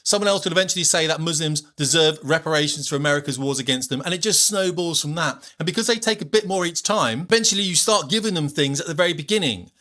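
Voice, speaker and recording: A man's voice: on the high side, sharp tone. A man hosting an opinionated commentary video, talking bluntly and casually and calling listeners "mate". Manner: blunt, colloquial, says "mate". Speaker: commentary channel host.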